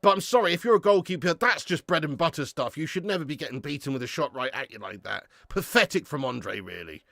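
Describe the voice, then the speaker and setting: Sweary excitable football fan host. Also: male voice, a little high, quick pace, vocal fry, hardly any pauses, no echo. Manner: sweary, excitable, reads out viewer comments. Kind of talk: live football watch-along commentary.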